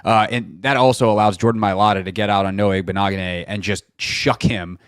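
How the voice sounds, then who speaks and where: Low-voiced man breaking down game film. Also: steady tone, a little fast, clear, resonant tone, no echo, studio quality. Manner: chatty, many fillers and restarts. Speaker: sports radio host. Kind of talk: casual football film breakdown.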